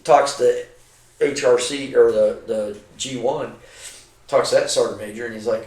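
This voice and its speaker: Older ex-soldier, rambling and profane storyteller, mid pitch, roomy off-mic sound. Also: male voice, steady tone, measured pace, darkish tone, recorded from a distance. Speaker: retired soldier telling war stories. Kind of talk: casual storytelling.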